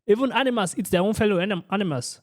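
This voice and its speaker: A man's voice: high voice, very fast. A man hosting a reaction channel, giving emphatic, repetitive ranting commentary. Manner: emphatic and repetitive, asks "you understand?".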